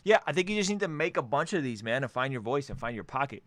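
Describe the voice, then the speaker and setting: A man's voice: on the high side, animated, fast, few pauses, a bit bright, dry recording. A man hosting a casual music review, upbeat and joking as he gives feedback on songs.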